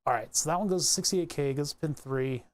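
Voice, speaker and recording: A streamer in a chill livestream, talking at a medium pitch, unhurried and half to themselves. Sentences trail off and get corrected along the way, like someone thinking out loud while working. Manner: muttering to self, frequent self-corrections. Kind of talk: relaxed think-aloud livestream narration.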